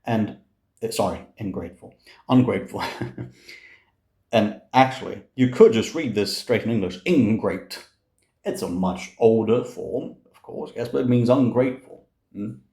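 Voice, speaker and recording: A man teaching Italian diction to singers, explaining words slowly and patiently, repeating each one as a model and often murmuring "mm". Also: on the low side, mellow, reverberant. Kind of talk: relaxed explanatory lesson.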